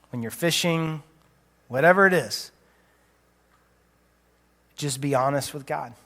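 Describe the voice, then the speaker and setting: A man's voice: fairly high pitch, a bit bright. A man preaching a sermon as pastor, earnest and confessional, often restarting his sentences. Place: church sanctuary. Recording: long hall reverb.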